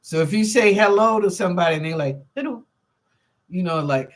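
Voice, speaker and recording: Her voice sits on the low side and she talks fast. As psychic reader and host of a live-streamed show, she responds to questions from the chat casually, musing aloud and circling back to the same phrases.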